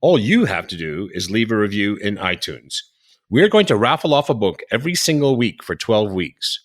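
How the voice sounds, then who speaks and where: A man's voice: lowish voice, big pitch swings, moderate pace. A man in his fifties hosting a podcast, chatting casually and rambling through a closing monologue. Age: 50s. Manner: chatty, rambling, shifts between accents. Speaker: podcast host.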